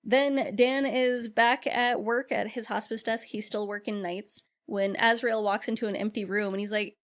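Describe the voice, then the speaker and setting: A woman co-hosting a podcast, casually recapping a horror film and acting out characters' lines in quick quotes. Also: a little high, fairly even intonation. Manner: retells scenes in quick acted-out quotes, swears casually. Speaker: podcast co-host. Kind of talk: casual movie recap chat.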